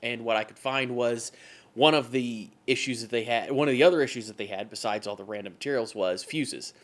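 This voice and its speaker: A tired man co-hosting a casual podcast. He rambles in halting, restarting phrases, padded with fillers as he works through his notes. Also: medium pitch. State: tired, yawning. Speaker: podcast co-host.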